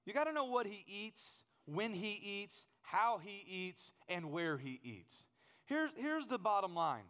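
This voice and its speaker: A man preaching a sermon, telling a funny story in an animated way and acting out the scenes. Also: sits high, a little slow, smooth. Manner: animated, humorous, acts out scenes. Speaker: pastor. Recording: long hall reverb.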